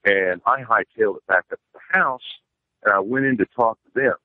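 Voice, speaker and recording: A man's voice: on the low side, a little fast, no echo. A man telling a first-person outdoor encounter story in a rambling, plainspoken way, using folksy phrasing. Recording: tinny phone line, dry.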